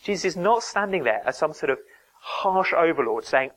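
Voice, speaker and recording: A man's voice: on the high side, lively intonation, moderate pace, fairly bright tone, low-quality recording. A man preaching a sermon, earnest and emphatic, dropping to near-whispers to stress a point.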